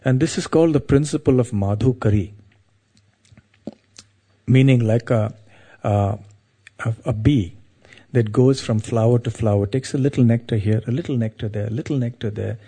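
Warm, husky man telling a devotional story. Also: mid-range voice, normal speed, long pauses. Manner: meandering, anecdotal, frequent "you know".

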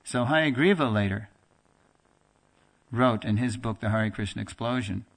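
A man teaching a religious class, telling a story in a lively conversational way and acting out the dialogue. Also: on the low side, unhurried, creaky. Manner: animated storyteller, acts out quoted dialogue; conversational with fillers and restarts, laughs now and then. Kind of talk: storytelling lecture.

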